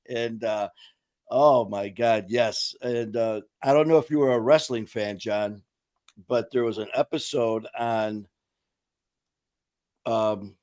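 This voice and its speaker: Middle-aged male host with mid-range pitch; relaxed, profane storyteller who laughs as he talks. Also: smooth. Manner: animated, profane, laughs through his stories. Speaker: podcast host. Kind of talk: casual storytelling chat.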